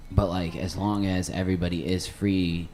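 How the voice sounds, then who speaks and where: A man's voice: sits low, moderate pace, a little hiss or hum. A man hosting a casual podcast conversation, talking in a loose, affirming way with lots of "like". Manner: animated, filler-heavy, affirming. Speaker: podcast host.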